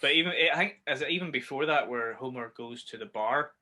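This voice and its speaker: A man's voice: mid-range voice, fast, sharp tone. A man with a Northern Irish accent, co-hosting a casual film podcast, eagerly retelling scenes and swearing freely. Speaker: podcast co-host.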